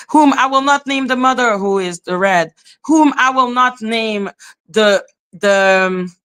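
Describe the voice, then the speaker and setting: Woman, livestream host, bright clear voice, confrontational, scolding her chat. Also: mid-range voice. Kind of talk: live stream talk answering chat.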